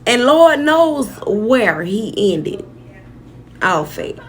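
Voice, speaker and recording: A woman telling a personal story in a casual vlog, blunt, profane and indignant, with sudden shouts. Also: a little high, big pitch swings, very slow.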